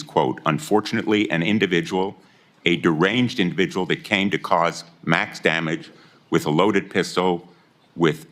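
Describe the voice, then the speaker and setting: A man questioning a witness at a hearing in a measured, deliberate and pointed way. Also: extremely low pitch, fairly bright tone. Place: hearing room.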